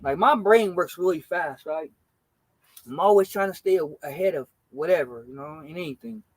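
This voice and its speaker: Streamer, male, high voice, dry close sound, lively profane storyteller. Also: moderate pace, dry recording. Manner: animated storytelling, slangy and profane; acts out quoted people in character voices. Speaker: livestream host. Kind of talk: casual storytelling chat.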